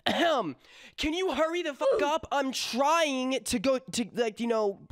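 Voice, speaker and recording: A woman's voice: lively intonation, a little slow, no echo, studio quality. A man voicing a rude, impatient middle-aged woman who demands and curses. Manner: shrill, demanding, cursing.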